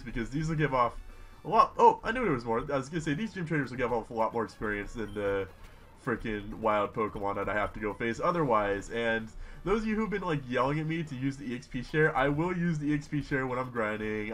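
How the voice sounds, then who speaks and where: A young man giving rambling, excitable commentary while playing a video game. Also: mid-range voice. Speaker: gaming YouTuber. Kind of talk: casual Let's Play commentary.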